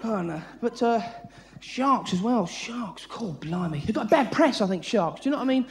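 Manic British comic, squeaky and frantic. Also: male voice, expressive, moderate pace, gravelly. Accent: British English. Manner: manic, breathless delivery with frequent laughs and sudden high squeaky voices. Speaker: stand-up comedian. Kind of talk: live stand-up routine. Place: theatre stage before a live audience. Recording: live show recording, audience noise.

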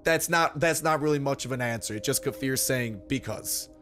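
A hoarse young man hosting a gaming channel, chatting casually and upbeat with sarcastic asides while he plays. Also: mid-range voice, fairly quick, fairly bright tone, soft background music. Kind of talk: casual gameplay commentary.

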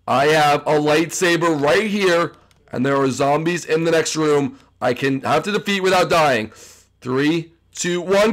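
Male gaming host, higher voice, excitable play-by-play commentary. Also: normal speed. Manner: excitable, keeps addressing viewers as "guys". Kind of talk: gameplay commentary.

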